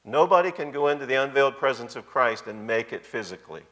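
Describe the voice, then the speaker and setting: A man's voice: medium pitch, lively intonation, fast talker, a bit bright. Emphatic preacher man, long hall reverb. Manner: emphatic, addresses the congregation directly. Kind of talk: sermon.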